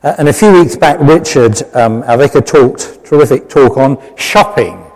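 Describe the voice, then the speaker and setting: British man, lay preacher, chatty sermon, mid pitch, echoing church hall. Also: normal speed, a little mellow. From Britain. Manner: conversational, self-deprecating, with many fillers. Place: church hall with long reverb.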